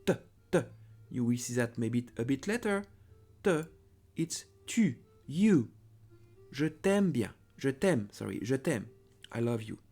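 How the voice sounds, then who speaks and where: A man with a French accent teaching a language lesson, patient and repeating phrases slowly, sometimes correcting himself. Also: mid-range voice, very animated, mellow, soft background music.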